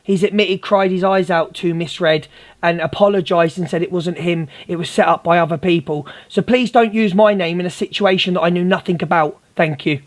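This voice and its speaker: A man's voice: sits high, a little fast. A man hosting a livestream, ranting confrontationally at a viewer and repeatedly calling her darling. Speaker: livestream host. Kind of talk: heated livestream rant.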